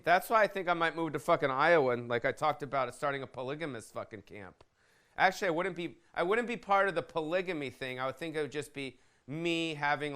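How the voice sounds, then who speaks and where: Brief: podcast host, man in his 50s, smooth and a touch high-pitched, swears freely, rambling comic rant. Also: bright, forceful tone. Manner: profane, loose and jokey, asks his producer for answers.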